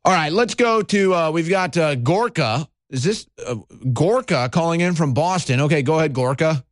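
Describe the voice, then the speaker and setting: A man hosting a talk radio show, mocking and sarcastic with dramatic pauses. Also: a little high, animated, dry recording, clean studio sound. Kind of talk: talk radio monologue and call-in.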